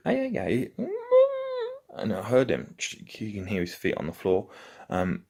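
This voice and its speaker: A man casually telling a rambling story to camera from his home. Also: fairly low pitch. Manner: rambling, loose anecdote-telling. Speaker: vlogger. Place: at home, indoors.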